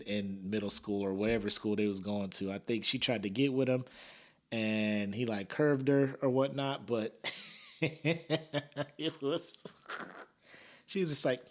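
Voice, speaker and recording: A man hosting a podcast, talking casually in slang and laughing often as he comments. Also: medium pitch. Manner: laughs a lot, slangy and animated. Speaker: podcast host.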